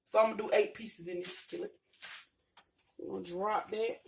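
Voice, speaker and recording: A woman's voice: medium pitch, steady tone, normal speed, vocal fry, a little hiss or hum. A woman with a Southern US accent from Mississippi, chatting casually and homey to her viewers as she cooks in her home kitchen. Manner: chatty, homey, talks straight to viewers as y'all and honey. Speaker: cooking vlogger. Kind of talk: casual cook-along chat.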